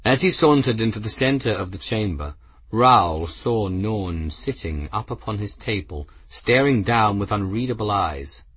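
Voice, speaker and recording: Slow, deep man narrating an audiobook. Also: a bit bright, breathy edge, dry recording.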